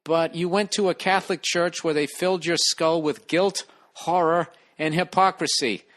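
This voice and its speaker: A man's voice: on the high side, steady tone, moderate pace, a bit bright. A man hosting a comedy podcast, ranting in a profane, exasperated way while answering a listener's email. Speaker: podcast host.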